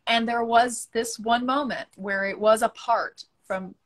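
A woman's voice: a little high, fairly even intonation, measured pace. A woman in her thirties speaks on a video call, earnest and open as she tells a personal story. She moves through it with feeling and acts out quoted voices now and then. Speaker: guest, actress and mental health advocate. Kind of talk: candid emotional conversation.

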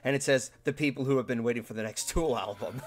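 A man's voice: medium pitch, fast talker, soft background music. A man in a casual group chat, rambling through jokey comparisons.

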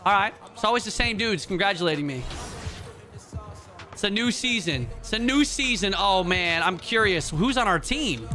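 A man giving casual, excitable let's play commentary, swearing freely and talking to his viewers. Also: high voice, normal speed, faint music behind. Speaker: gaming channel host.

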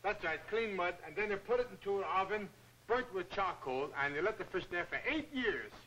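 An actor playing a cheerful, dim-witted boxer who rambles earnest slangy nonsense, in 1940s film comedy acting. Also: male voice, sits high, animated, fairly quick, bright, forceful tone, slight background noise, rough recording.

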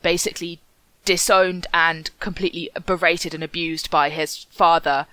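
A woman co-hosts a book podcast in a loose, enthusiastic chat full of fillers. Her voice is bright and forward. The sound is dry and close. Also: on the low side, fairly even intonation, normal speed, dry recording. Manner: chatty, enthusiastic, many fillers. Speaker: podcast co-host. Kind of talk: casual book discussion.

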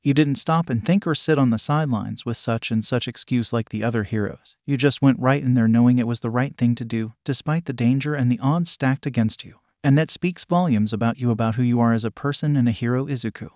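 A man's voice: medium pitch, a little fast, few pauses, a little mellow, no echo, natural voice. A man voicing a blunt, protective teenage boy who talks sarcastically, in a dry fan fiction reading. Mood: earnest. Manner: sarcastic, brash.

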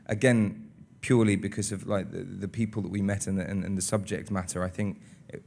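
Young male actor, low-pitched, earnest and reflective, interview setting. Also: steady tone, creaky, a little mellow, slight background noise. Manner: earnest and reflective, with many halting restarts. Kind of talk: casual interview talk. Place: studio interview in front of an audience.

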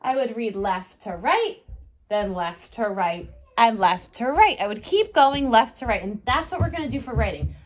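A woman teaching a kindergarten writing lesson, sounding out letters slowly and putting on exaggerated dismay at messy handwriting. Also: a little high, lively intonation. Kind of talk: recorded writing lesson for young children.

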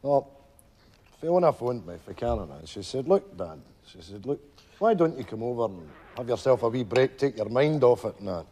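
An actor playing an older widowed Glasgow pensioner with a Glaswegian Scottish accent, telling a rambling stage monologue full of "you know" asides. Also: male voice, mid-range voice, big pitch swings, moderate pace, mellow, husky. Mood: wistful storytelling. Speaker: stage character telling a story to friends.

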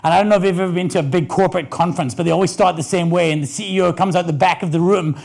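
Male keynote speaker with a high-pitched voice, brash comic storyteller on a live stage. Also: steady tone, racing, vocal fry, darkish tone. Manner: brash, joking, swears, acts out quoted people. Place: stage before a live audience.

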